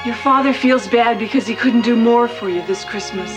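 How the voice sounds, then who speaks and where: A gentle, soothing mother, played by an actress, explains hard news softly to her children in a TV drama. Clear music plays behind her voice. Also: fairly high pitch, normal speed, natural voice. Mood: tender. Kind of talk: TV drama acting.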